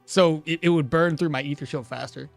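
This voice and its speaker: A game streamer giving casual live gameplay commentary, animated and laughing, often trailing off and restarting mid-sentence. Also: medium pitch, fairly quick, creaky, soft background music.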